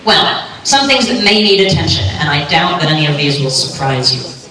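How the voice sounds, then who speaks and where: A woman giving a clear, lightly joking talk on pronunciation to a live audience at a conference. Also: sits low, lively intonation, moderate pace, pushed and bright. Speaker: conference speaker on pronunciation teaching. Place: lecture hall. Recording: echoey hall, distant mic, faint hum.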